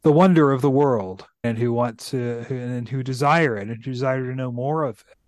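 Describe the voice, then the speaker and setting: A man's voice: mid-range voice, moderate pace, darkish tone, no room sound. A man hosting a podcast in an enthusiastic, casual literary discussion, often checking in with "right?". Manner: enthusiastic, tags points with "right?".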